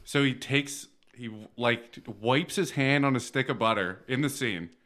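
A man's voice: medium pitch, unhurried, sharp tone. A man chatting casually as a podcast guest, with loose, crude, chuckling banter.

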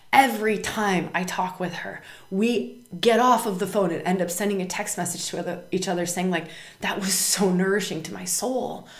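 A woman's voice: mid-range voice, reverberant. A woman hosting a spiritual astrology podcast, talking emphatically, repeating words and asking "right?" again and again. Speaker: podcast host.

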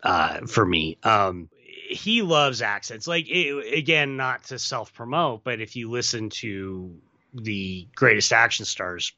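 An American man co-hosting a podcast, chatting casually and enthusiastically about an action film with quick asides. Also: lowish voice, animated, sharp tone, no room sound, dull audio. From United States. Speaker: podcast co-host. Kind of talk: casual film review chat.

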